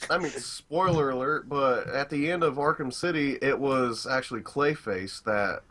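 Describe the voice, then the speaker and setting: A man's voice: medium pitch, moderate pace, fairly bright tone. A young man co-hosting a video game chat, rambling with lots of fillers, swearing and voicing strong opinions. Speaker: gaming channel co-host. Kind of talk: casual chat.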